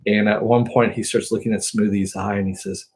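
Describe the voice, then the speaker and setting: A man's voice: lowish voice, little pitch movement, brisk, darkish tone, slightly rough, poor audio. A man casually recapping a TV episode as a reviewer, rambling along with lots of fillers.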